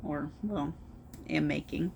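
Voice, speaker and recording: A woman's voice: sits low, slow, gravelly, a little mellow, slight background noise. A woman vlogging casually about her knitting, laughing often and talking sweetly to her dog. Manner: playful, laughing, baby-talk to her dog. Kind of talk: casual chat to camera.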